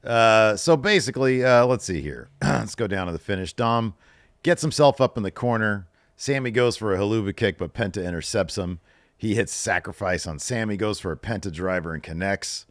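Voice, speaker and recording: A man co-hosting a casual wrestling recap show, retelling backstage scenes with lively storytelling. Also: fairly low pitch, moderate pace, dry recording. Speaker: podcast co-host.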